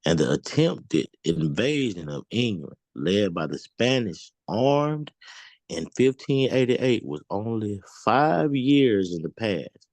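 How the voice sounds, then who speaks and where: A man reading a history text aloud in class, halting and careful over the words. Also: lowish voice, very animated, a little mellow, no echo. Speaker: student.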